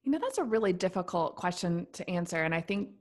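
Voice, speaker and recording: A woman's voice: fairly low pitch, sing-song, fast. A woman guest in an interview, explaining her branding work in an earnest, thoughtful way, building her points in lists. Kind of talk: conversational interview answers.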